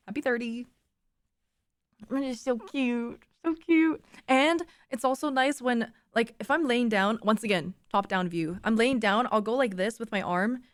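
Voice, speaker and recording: A woman's voice: a little high, no echo, clean studio sound. A young woman streaming, chatting casually with her viewers, giggly and cooing baby talk to her dog.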